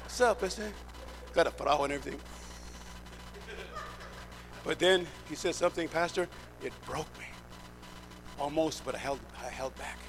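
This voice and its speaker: High-pitched middle-aged male preacher, emphatic testimony, steady hum behind him. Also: normal speed, long pauses. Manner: emphatic storyteller, acts out dialogue. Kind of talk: sermon testimony. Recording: clear background hum.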